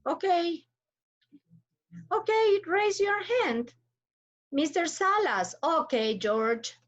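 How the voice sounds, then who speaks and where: A woman's voice: very high-pitched, animated, slow pace. A woman teaching English to a class online, with an Ecuadorian Spanish accent and Spanish as her first language, patiently calling on students and repeating their names and cues. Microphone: computer mic on a video call. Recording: dull lo-fi video call audio.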